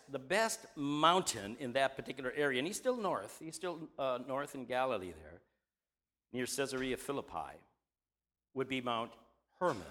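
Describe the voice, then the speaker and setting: A man's voice: mid-range voice, fairly bright tone. A man preaching, reading a scripture passage aloud and teaching from it, often asking his listeners questions. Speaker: pastor. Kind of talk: Bible reading and sermon teaching.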